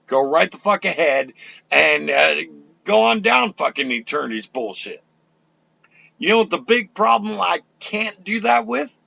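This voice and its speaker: An older man rants on his own radio show, loud and full of profanity. His voice is gravelly and bright, set a little high for a man, and it swings widely in pitch. The sound is close and dry. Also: sing-song, unhurried, no room sound. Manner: loud, profane, fiery ranting. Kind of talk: ranting talk radio.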